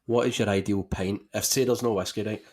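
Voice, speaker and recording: Male co-host, lowish voice, teasing, grand mock-epic delivery. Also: fairly even intonation, brisk. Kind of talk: casual chat.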